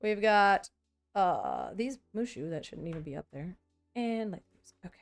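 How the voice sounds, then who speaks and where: A woman's voice: mid-range voice, lively intonation, moderate pace, soft background music. A woman vlogger chatting casually and thinking aloud while she sorts trading cards, often poking fun at herself. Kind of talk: casual chat while working.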